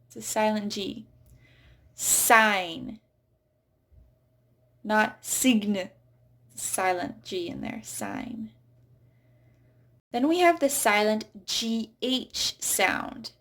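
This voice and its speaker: A woman teaching English pronunciation, saying example words slowly and carefully. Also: a little high. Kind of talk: pronunciation lesson.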